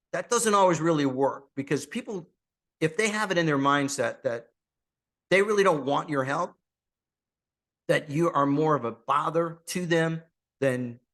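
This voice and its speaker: Male solo podcast host, mid-pitch, chatty and friendly, loose delivery with fillers and restarts. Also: a bit bright. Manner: conversational, rambling with restarts and fillers; outgoing, friendly. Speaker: real estate agent. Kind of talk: casual monologue.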